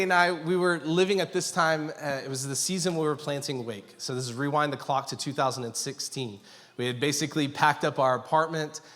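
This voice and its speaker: A man's voice: on the high side, a bit bright. A man in his thirties, a pastor preaching a sermon, telling a family story in a conversational way with self-mocking humor and acted-out quotes. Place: church sanctuary. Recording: long hall reverb.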